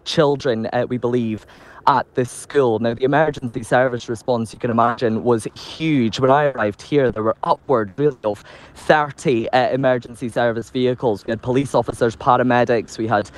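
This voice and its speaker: Male field reporter, measured sombre delivery, live news report. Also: medium pitch, steady tone.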